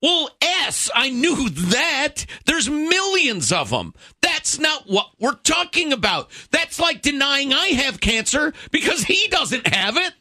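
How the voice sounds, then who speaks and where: A man's voice: very high voice, big pitch swings, takes it slowly, few pauses, pushed and bright, no room sound, studio quality. A man co-hosting a radio talk show, sarcastic and exasperated, mocking what he hears in opinionated banter.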